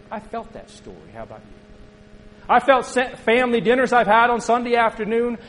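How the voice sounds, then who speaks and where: A man's voice: high-pitched, slight background noise, rough recording. A middle-aged man preaching a sermon as a pastor, telling a story in a conversational way and turning to ask the congregation questions.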